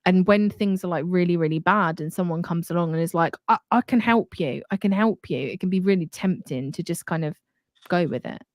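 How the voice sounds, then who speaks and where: A woman's voice: on the low side, fairly quick, a little mellow, dry recording, clean studio sound. A woman hosting a casual chat, speaking hesitantly with many restarts and "like"s. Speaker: host.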